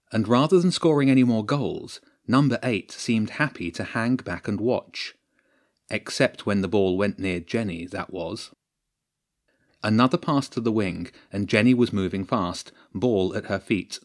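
Man, low voice, audiobook narrator, steady measured reading.

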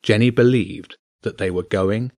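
A man narrating a children's adventure story aloud in a steady, measured way. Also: fairly low pitch, creaky, dry recording, clean studio sound.

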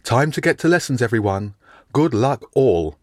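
A man reading an audiobook, voicing a jovial middle-aged woman housemaster who talks briskly and formally. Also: fairly low pitch, sing-song, no echo.

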